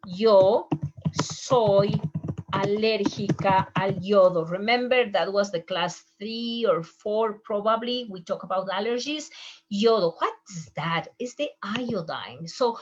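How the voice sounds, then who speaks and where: A woman's voice: mid-range voice, animated, highs cut off. A woman whose first language is Spanish, teaching a medical Spanish lesson and repeating each term patiently. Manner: slow, patient, repeats terms for pronunciation.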